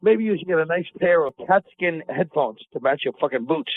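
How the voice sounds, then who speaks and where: A man's voice: on the high side, expressive, fairly quick. A man co-hosting a podcast, needling his partner in casual, profane banter with a sarcastic edge. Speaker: podcast co-host. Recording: phone-like lo-fi audio.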